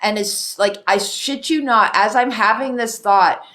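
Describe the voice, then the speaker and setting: A woman hosting a casual spiritual chat, telling stories in a lively way, swearing freely and laughing often. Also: fairly high pitch, a little slow. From Canada. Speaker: host.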